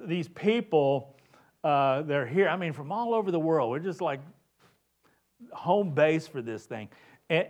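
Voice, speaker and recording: A man preaching a sermon in a conversational way, often repeating words as he builds his point. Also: fairly high pitch. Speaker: pastor.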